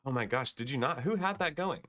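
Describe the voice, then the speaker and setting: Man, game master, tabletop game, animated pitch, casual chatty delivery, middle-range voice. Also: a little fast. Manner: loose and chatty, with frequent fillers.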